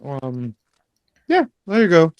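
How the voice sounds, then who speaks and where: A man's voice: on the high side, huge pitch swings, takes it slowly, no room sound, lo-fi sound. Offhand man mumbling movie opinions. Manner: offhand, hesitant, many ums and whatevers. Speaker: podcast co-host. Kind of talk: casual movie review chat.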